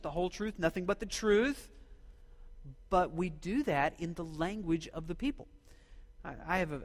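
High-voiced male pastor preaching in a hall. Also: fairly bright tone. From Oklahoma. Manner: preaching with call-and-response to the congregation. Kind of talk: sermon.

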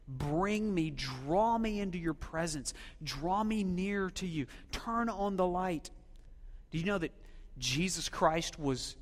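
A man preaching a sermon in a church, swinging between loud emphatic questions and hushed, near-whispered lines. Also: on the high side, big-room sound. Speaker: pastor.

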